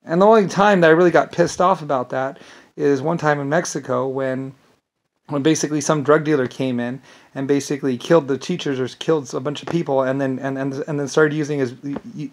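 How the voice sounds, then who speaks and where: A man delivering an angry, rambling vlog monologue, swearing and repeating words as he stumbles. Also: fairly high pitch. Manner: profane, indignant, repeats words when stumbling. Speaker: vlogger.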